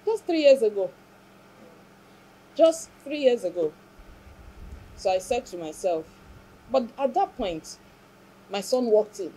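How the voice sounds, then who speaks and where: Mellow-voiced woman recounting hardship. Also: medium pitch, lively intonation, slow pace, long pauses, slight background noise, low-quality recording. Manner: earnest, reflective, religious. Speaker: interview guest. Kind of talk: emotional personal testimony.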